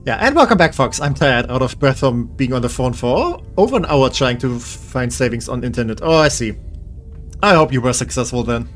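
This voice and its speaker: A man's voice: medium pitch, expressive, fairly quick, faint music behind. A man live-streaming a game, tired and rambling as he jokes with his chat in a self-deprecating way.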